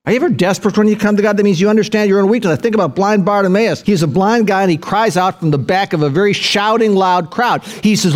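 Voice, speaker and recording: A man's voice: a little high, lively intonation, fairly quick, hardly any pauses. A male pastor delivering a sermon, reading scripture with folksy asides and bursts of rising emphasis.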